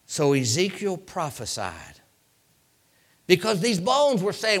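Animated gravelly preacher man. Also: a little high, a little slow. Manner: dramatic preaching, repeats phrases, swings from loud to hushed. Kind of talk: sermon.

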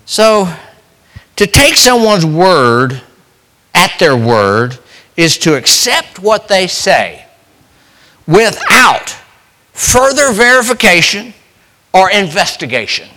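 A middle-aged pastor delivers a sermon in a folksy, emphatic style. His voice sits a little high and rings bright and forceful. He swings from loud bursts to low, quiet asides. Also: sing-song, slow pace, pauses often. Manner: folksy, emphatic preaching with sudden rises and drops.

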